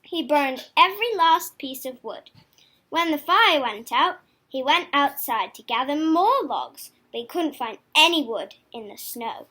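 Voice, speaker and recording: Woman, children's book read-aloud, slow, high, bright, expressive. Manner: slow, expressive, animated reading. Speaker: storybook reader.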